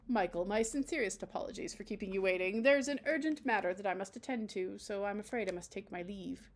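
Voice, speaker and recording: Woman reading as a formal gothic dad, old-fashioned, polite, gentle. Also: medium pitch, brisk, natural voice.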